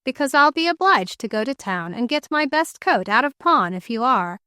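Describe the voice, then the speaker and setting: A woman's voice: sits high, big pitch swings, moderate pace, bright, forceful tone, no room sound, clean studio sound, exaggerated voice. A woman reading the lines of a jovial young man who teases his friend in a bantering tone, in an audiobook. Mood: teasing. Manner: bantering sing-song greeting.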